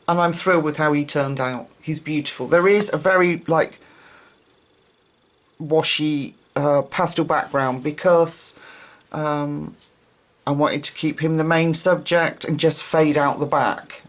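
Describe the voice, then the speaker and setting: Older lady chatting about her coloring, low voice, rambly and excited. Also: slight background noise. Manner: chatty, rambling, self-correcting, warmly enthusiastic. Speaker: coloring channel host. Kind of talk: casual chat showing coloring pages.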